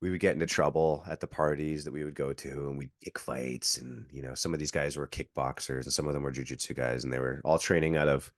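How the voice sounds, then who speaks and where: Guy in his thirties, low voice, chatty storyteller who leans on "like" and acts out quotes. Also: steady tone, fast talker, few pauses, no room sound, studio quality. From Canada. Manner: filler-heavy, acts out quotes. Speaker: podcast guest, jiu-jitsu coach. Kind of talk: casual storytelling.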